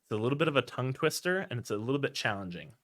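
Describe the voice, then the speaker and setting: A male voice teacher explaining warm-up exercises clearly and step by step, between sung demonstrations. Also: mid-range voice, big pitch swings, racing. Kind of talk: singing lesson instruction.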